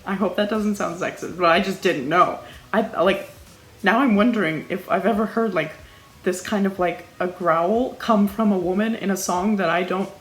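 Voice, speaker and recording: A young woman who coaches singing, reacting casually to a music video at home, excitable and full of "like" as she restarts her sentences. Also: mid-range voice, moderate pace. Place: home room. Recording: echoey room, music playing behind.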